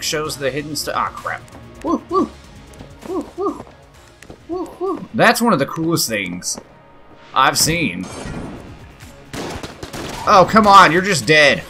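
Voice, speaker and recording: Excitable, lively, bright-voiced gaming man. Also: on the high side. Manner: excitable, swears and yelps at the game. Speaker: gaming channel host. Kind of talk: let's play gameplay commentary.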